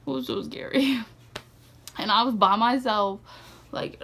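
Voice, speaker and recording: A young woman vlogging a casual storytime, her slightly high voice carrying a gravelly, fry-laden texture. She rambles along with constant fillers and quick laughs, and she sounds drowsy, yawning between stories. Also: a bit bright, slight background noise. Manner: rambling, heavy use of "like" and "legit", frequent laughs. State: sleepy, yawning.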